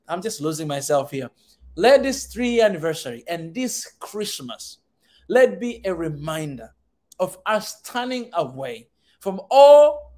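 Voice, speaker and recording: A man in his thirties giving an impassioned, preaching speech as host, rising to shouts. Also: high-pitched. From Africa. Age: 30s.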